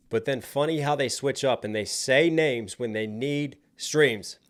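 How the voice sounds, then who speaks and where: A man's voice: mid-range voice, unhurried. A young man, a rapper, giving casual reaction commentary on a song and animatedly breaking down its rhymes and flow.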